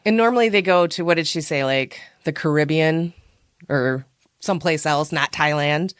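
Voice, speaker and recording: A woman co-hosting a podcast in casual chat, animated and expressive and quick to laugh. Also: low-pitched, smooth, dry recording, studio quality. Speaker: podcast co-host.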